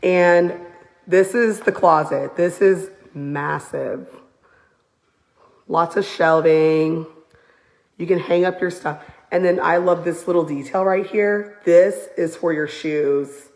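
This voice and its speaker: Hoarse lady, real estate agent, slow gushing phone video walk through a new house. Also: on the low side, steady tone, a little mellow. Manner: gushing, enthusiastic, repeats "beautiful" and "I love". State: hoarse, lost voice. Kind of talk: casual live video house tour. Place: walking through a large house, indoors and out. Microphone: handheld phone camera.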